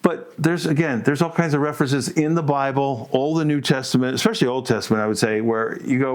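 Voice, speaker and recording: A middle-aged man co-hosting a podcast, talking in a casual, animated way, firing off provocative rhetorical questions and calling his listeners folks. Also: medium pitch, fairly quick, hardly any pauses. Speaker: podcast co-host. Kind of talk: casual opinionated monologue.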